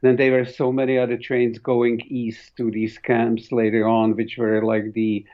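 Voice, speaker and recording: An accented man recounting stories as an author, animated and full of restarts and fillers. His voice has a mid-range pitch. The recording is dull and lo-fi. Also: measured pace. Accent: foreign accent. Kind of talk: conversational interview.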